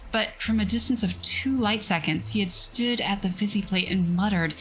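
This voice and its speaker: A woman's voice: medium pitch, moderate pace, faint music behind, rough recording. A woman reading a science fiction story aloud on a casual livestream, breaking off for chatty, self-mocking asides.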